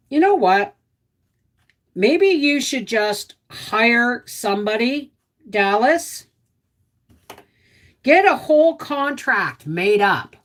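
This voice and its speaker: A middle-aged woman hosting a casual livestream, greeting viewers and answering their comments in a chatty, sympathetic way. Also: mid-range voice.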